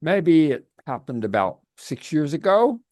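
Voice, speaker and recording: A male life coach talking over a video call, his pitch swinging lively up and down as he tells a story. He often restarts his sentences and checks in with an "okay?". The sound is dry and close, with no room echo. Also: a little slow. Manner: animated storytelling with frequent restarts.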